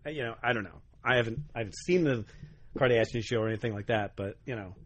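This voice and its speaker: A young adult man co-hosting a podcast in casual chat, telling animated stories and slipping into quoted voices. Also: medium pitch, quick pace. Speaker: podcast co-host.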